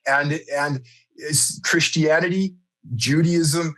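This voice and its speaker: A man's voice: a little high, fairly even intonation, takes it slowly, pushed and bright. A man being interviewed as a guest, speaking reflectively in long, thoughtful explanations. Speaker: church founder, podcast guest. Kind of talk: conversational interview.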